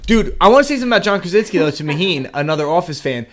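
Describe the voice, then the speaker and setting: A man hosting a podcast in casual chat, rambling and profane, getting excited as he talks. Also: high voice, racing, slight background noise. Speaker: podcast host.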